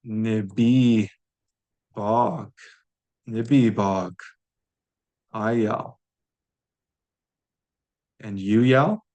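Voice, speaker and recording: A man's voice: on the low side, very slow, pauses often, a little mellow, highs cut off. A man teaching a language lesson, saying each word aloud and repeating it patiently for learners.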